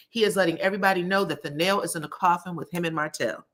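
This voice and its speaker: A woman hosting a casual live recap of a reality show, her voice sitting a little low. She chats freely, calls her viewers baby and honey, and jumps up in pitch whenever she acts out what the cast said. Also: quick pace, hardly any pauses. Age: adult, married. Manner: acts out quotes from the scenes with lively pitch jumps.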